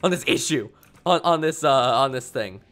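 A man's voice: mid-range voice, animated, normal speed, fairly bright tone, faint music behind. A young man streaming a video game, rambling playfully and reading viewers' messages aloud. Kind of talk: casual gameplay commentary.

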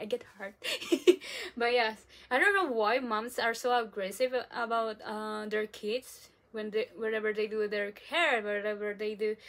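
A young woman from the Philippines speaks to her camera in an unhurried, chatty way, and her slightly high voice swings into dramatic outbursts and laughter. She tells childhood stories as a casual vlogger. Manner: animated, self-described dramatic, lots of fillers and laughs.

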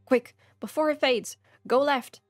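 A woman voicing a gruff, shape-shifting female elf warrior who talks in terse, growled, commanding lines. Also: fairly high pitch, lively intonation, moderate pace, no echo, soft background music. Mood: urgent.

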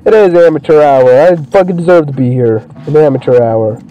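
A young man giving profane, excitable commentary while playing a video game. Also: on the high side, fairly quick, highs cut off. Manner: profane, excitable, swears constantly. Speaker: gameplay streamer. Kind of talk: let's play commentary.

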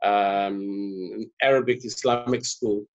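A South African man speaking as a guest in a conversational interview, an animated storyteller. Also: fairly low pitch, takes it slowly. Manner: animated storyteller, laughs often. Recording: dull lo-fi sound.

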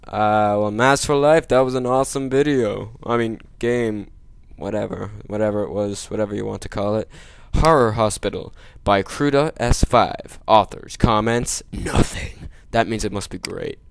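A man doing gameplay commentary, joking, making sarcastic asides and yelling at the game. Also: lowish voice, moderate pace, creaky, hardly any pauses, smooth, no echo. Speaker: let's play gamer.

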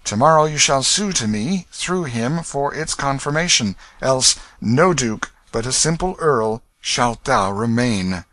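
A man voicing a young king who speaks in a commanding, measured, old-fashioned manner. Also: medium pitch, lively intonation, fairly bright tone, no echo, voice pushed up. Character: young true king, firm yet kind.

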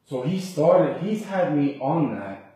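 A man's voice: a little high, big pitch swings, takes it slowly, warm tone. Agitated man, far off in an echoey room. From Canada. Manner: agitated, rambling, many restarts. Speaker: patient. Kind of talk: distressed complaint to a doctor.

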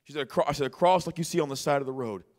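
A man preaching a sermon in church, telling a story quietly, then rising to shouts. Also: a little high, racing. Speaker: pastor. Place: church sanctuary.

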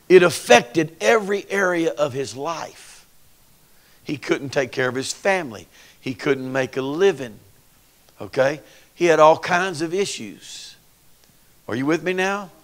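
Male pastor, bright high voice, storytelling sermon delivery. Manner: storytelling, building to loud preaching. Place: church sanctuary.

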